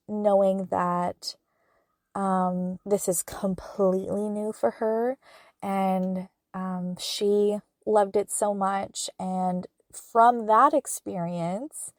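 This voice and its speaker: A woman hosts her own podcast as a spiritual medium, delivering a casual solo monologue earnestly and from the heart, with lots of filler words. Her mid-range voice has a darkish tone, recorded in clean studio sound with no echo.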